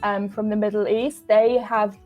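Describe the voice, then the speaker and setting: A woman's voice: medium pitch, flat delivery, normal speed, dull audio, soft background music. A woman from Manchester, a tutor speaking in a friendly, thoughtful way with many ums. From Manchester, England. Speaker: English tutor. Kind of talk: casual video-call chat.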